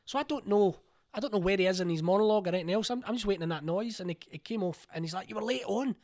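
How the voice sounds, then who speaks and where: A man with a Glaswegian accent, an actor telling stories in a casual interview and acting out the lines he quotes. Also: very fast. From Scotland. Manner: animated, acts out quotes with raised pitch. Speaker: actor and playwright, guest.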